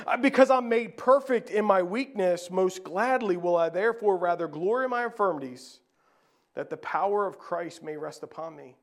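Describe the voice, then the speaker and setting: A man preaching a sermon, reading scripture and asking rhetorical questions, swinging between a raised voice and a hushed one. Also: sits high, normal speed. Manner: reads scripture aloud, repeats phrases.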